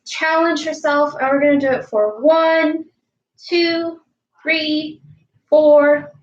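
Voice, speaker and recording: High-voiced woman coach counting slowly. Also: fairly even intonation, dull audio. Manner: counts aloud, upbeat, talks of herself in third person. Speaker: youth sports coach. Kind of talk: online warm-up and lesson. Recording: echoey room.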